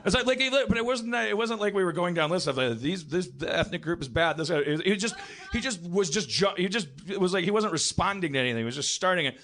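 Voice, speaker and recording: A man on a live comedy podcast stage spins a rambling anecdote, stopping and restarting his sentences constantly. His voice sits fairly high and sounds bright and forceful. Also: animated, quick pace, few pauses. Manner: rambling, self-interrupting, lots of restarts. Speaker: podcast host telling a story.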